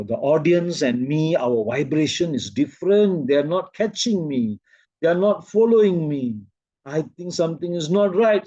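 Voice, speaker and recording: A man with a Malaysian accent teaching a workshop. He talks slowly and soothingly, and his voice sinks to near-whispers as he guides people through breathing. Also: high-pitched, dark tone, no echo. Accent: Malaysian English. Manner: slow, soothing, drops to near-whispers when guiding breathing. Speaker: meditation and presentation trainer. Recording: dull lo-fi recording.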